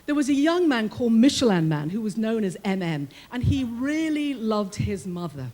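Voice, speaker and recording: Lively British woman telling a story. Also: a little high, normal speed. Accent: British English. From Britain. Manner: lively, humorous storyteller who acts out quoted voices. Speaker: prison chaplain telling a story. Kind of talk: live personal storytelling.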